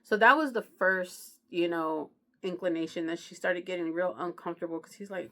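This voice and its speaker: A woman's voice: lowish voice, normal speed, fairly bright tone. A woman reviewing a true crime book, retelling it in a chatty, slangy way with lots of asides to the listener. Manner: slangy, chatty, keeps asking "you know what I mean". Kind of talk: casual true crime storytelling.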